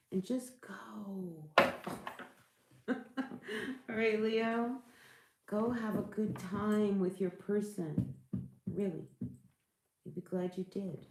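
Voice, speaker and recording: A woman's voice: mid-range voice, mellow, roomy sound, slight background noise. A woman doing a casual tarot reading, rambling and searching for words, reassuring her listeners. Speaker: tarot reader.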